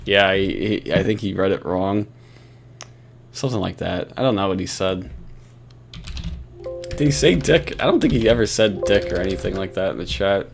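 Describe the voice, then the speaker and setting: A man's voice: low voice, moderate pace, vocal fry, pauses often, soft background music. Profane, mocking male commentator. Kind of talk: reaction commentary over footage.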